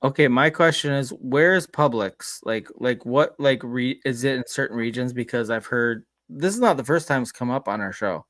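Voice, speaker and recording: A man from Minnesota joking through a casual podcast, laughing often and cursing freely. His voice sits at an ordinary pitch and sounds dry and close. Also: moderate pace, hardly any pauses, fairly bright tone, no echo. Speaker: co-host.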